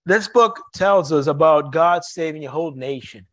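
A male pastor delivers a sermon in a rather high voice. He speaks earnestly and repeats words as he searches for the next thought. The sound is dry and close, with no room echo. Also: moderate pace, fairly bright tone.

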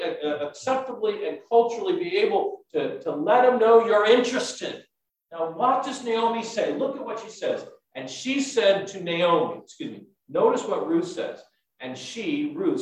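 A man's voice: on the high side, lively intonation, moderate pace. Preaching man in an echoey hall. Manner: preaching with emphatic rising bursts and repetition. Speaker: pastor. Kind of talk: sermon. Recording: echoey room, speaker far from mic.

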